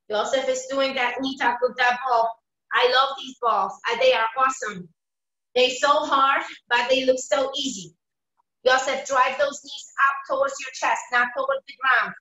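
High bright woman coaching a zoom workout, calling out counts, echoey room, kinda far from the mic. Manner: energetic, encouraging, calls out counts and cues. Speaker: fitness instructor. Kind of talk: live online workout coaching. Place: home workout room on a video call. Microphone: video call, away from the mic.

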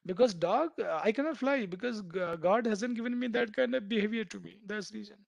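A man teaches a live programming class in a fairly high voice. He talks students through each idea with homely comparisons and keeps asking "right?" to make sure they follow. The sound is close and dry, with no room around it. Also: brisk, gravelly, no echo. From India. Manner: keeps checking in with "right?", explains by everyday analogies. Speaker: programming instructor. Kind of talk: live online coding class.

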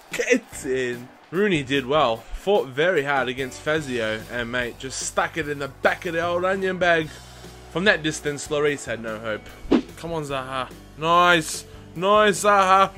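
A young British man with a voice a touch higher than most talks viewers through a football video game match. He uses casual slang and erupts into cheers and shouts whenever a chance comes along. A faint bed of game music sits behind his voice. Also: animated, unhurried. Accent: British English. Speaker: gaming channel host. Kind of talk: live commentary over a football video game.

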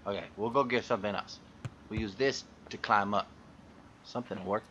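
A man's voice: lowish voice, steady tone, fairly quick, pushed and bright, lo-fi sound, slight background noise. A man giving gameplay commentary, frustrated and swearing as he talks to objects in the game. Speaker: gaming YouTuber.

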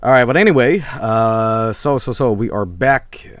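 A man's voice: mid-range voice, moderate pace, dry recording, studio quality. A tired man streaming a game, rambling casually and reading game text aloud. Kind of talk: casual gameplay commentary. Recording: game music underneath.

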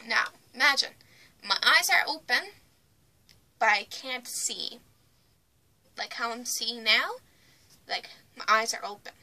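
A young woman vlogger casually tells the camera a personal story, bluntly, in a fairly high voice with lively intonation. She speaks slowly, pauses often, and her loudness swings as she frequently drops to a whisper.

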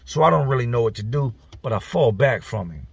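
A man casually telling a profane, slangy street story as a vlogger, animated as he retells it. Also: mid-range voice, brisk, gravelly, breathy edge, no echo.

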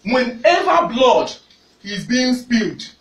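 A man with a Nigerian accent preaching a fervent sermon, shouting at the peaks and repeating his phrases. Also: extremely high pitch, sing-song, slow. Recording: echoey, distant hall recording.

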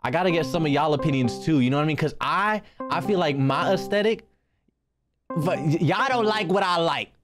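A young man hosting a livestream, chatting casually with his chat in a loud, joking, profane way that swings into shouting. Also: a little high, lively intonation, a little fast, over music. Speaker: streamer hosting an art contest.

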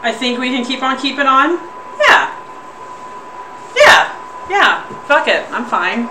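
A woman streamer chatting casually to her viewers, loudly exclaiming and laughing while suffering through a spoonful of wasabi. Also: high voice, very animated, takes it slowly, roomy sound, far from the mic, a little hiss or hum. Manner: exclaiming and laughing, talks to chat. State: sniffly and pained from wasabi. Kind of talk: casual live-stream chat. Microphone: desk mic, sometimes clipping.

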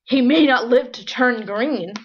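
A woman's voice: on the high side, a little slow, a little hiss or hum, close to an everyday voice. Woman doing a groaning lazy old snake. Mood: gloomy. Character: lazy old male python, slow and grumbling. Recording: dull lo-fi recording.

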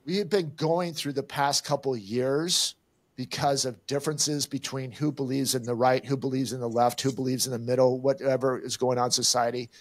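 A man's voice: mid-range voice, fairly even intonation, fairly quick. An older man co-hosting a podcast, telling a story in casual chat and acting out the exchanges he quotes. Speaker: podcast co-host.

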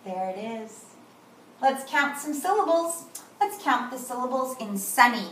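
A woman teaching kindergarten, slow and sing-song and encouraging as she spells out letters and sounds for young children. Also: sits high, animated, a bit bright, slight background noise. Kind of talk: recorded morning lesson for young children. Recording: roomy echo, voice a bit far from mic.

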